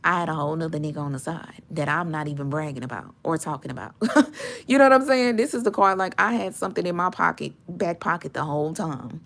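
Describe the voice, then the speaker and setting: Low, gravelly-voiced woman reading tarot. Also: quick pace, few pauses, a bit bright. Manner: chatty and sassy, with slang and swearing. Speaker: tarot reader. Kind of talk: casual tarot reading to viewers.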